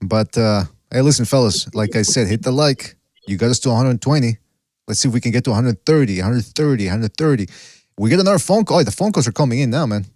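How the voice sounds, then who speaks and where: A man's voice: medium pitch, lively intonation, fast, darkish tone, no echo. Male show host, mid voice, playful ribbing of callers, dry close mic. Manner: teasing, laughs often. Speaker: podcast host. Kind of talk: call-in show hosting.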